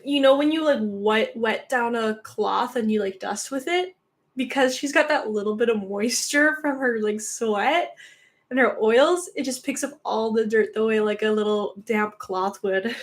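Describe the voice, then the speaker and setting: Young woman, livestream host, casual and giggly, slightly high voice, coos at her pet. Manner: chatty, giggly, coos baby talk at her cat.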